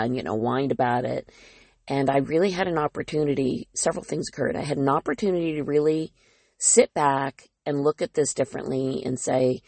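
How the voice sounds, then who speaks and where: A woman's voice: extremely low pitch, normal speed, a little mellow, dry recording. A woman hosting her own podcast, talking candidly and earnestly in a reflective personal monologue, often poking fun at herself. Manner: candid, earnest, self-deprecating. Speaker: podcast host.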